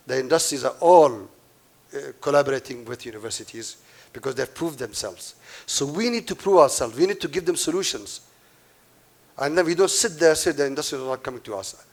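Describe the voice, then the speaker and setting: A man's voice: mid-range voice, expressive, normal speed. A man giving a conference keynote to a live audience, emphatic and repeating his key points, with asides to the crowd. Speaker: keynote speaker.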